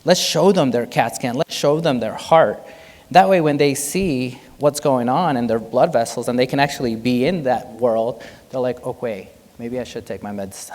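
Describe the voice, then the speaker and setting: A man, a physician, giving a lively, conversational conference keynote and joking with the audience. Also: fairly high pitch. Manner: animated, conversational, jokes with the audience. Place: large hotel conference hall. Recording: long hall reverb.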